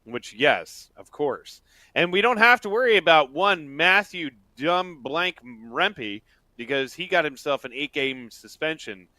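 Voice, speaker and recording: A man's voice: fairly high pitch, expressive, unhurried, pushed and bright, no room sound, studio quality. A man hosting a casual hockey podcast, rambling and laughing as he talks. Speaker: podcast host. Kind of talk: casual sports chat.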